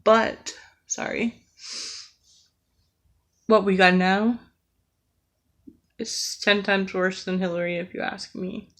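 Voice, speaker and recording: A woman's voice: mid-range voice, steady tone, slow pace, long pauses, a bit bright. A woman from the United States delivering an earnest, emotional rant, with frequent hesitations and fillers as she talks. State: emotional, near tears. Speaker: vlogger.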